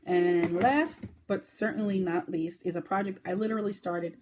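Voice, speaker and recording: A woman's voice: fairly even intonation, a little mellow, a little hiss or hum. Chatty woman hosting a craft podcast. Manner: chatty, fast-talking, with fillers and sudden high baby-talk bursts. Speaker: podcast host. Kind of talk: casual crochet podcast chat.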